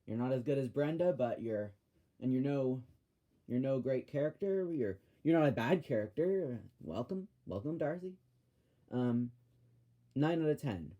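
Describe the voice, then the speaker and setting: A man's voice: mid-range voice, animated, a little slow, dark tone, muffled recording. A man giving a casual episode-by-episode review, rambling and ranting, often stopping to correct himself.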